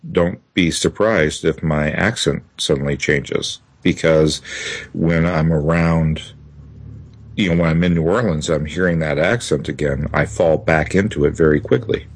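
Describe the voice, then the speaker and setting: A man's voice: rumbling low, steady tone, unhurried, husky. A man with a Midwestern American accent, hosting a casual podcast chat and rambling with many fillers. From Midwestern US, Minnesota. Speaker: podcast host.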